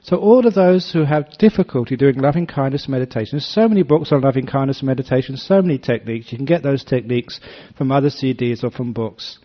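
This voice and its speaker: An older man, a Buddhist monk, giving a dharma talk that is full of storytelling, acting out voices with gentle humor. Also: medium pitch, quick pace, hardly any pauses. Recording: slightly dull lo-fi recording.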